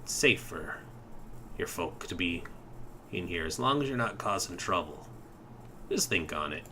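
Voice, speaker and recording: A man doing a big gruff half-ogre innkeeper. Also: deep voice, lively intonation, a little slow, sharp tone, slight background noise, heavily acted. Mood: confiding.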